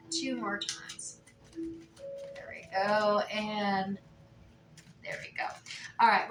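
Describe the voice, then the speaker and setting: A woman giving a casual tarot reading, talking in a chatty way with many fillers and restarts. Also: on the high side. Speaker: tarot reader. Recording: echoey room, mic at a distance.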